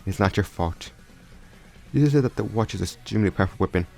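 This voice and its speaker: A man's voice: lowish voice, lively intonation, quick pace, gravelly, a little mellow. A man casually improvising a story aloud, often stumbling and restarting his sentences. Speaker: storyteller retelling a fan crossover story. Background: faint background music.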